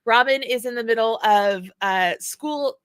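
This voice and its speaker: Chatty lady in her 40s hosting a live chat, bright voice, kinda high, dry close sound. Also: measured pace, smooth, no room sound. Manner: chatty, laughing, rambling with restarts. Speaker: host. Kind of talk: casual livestream chat.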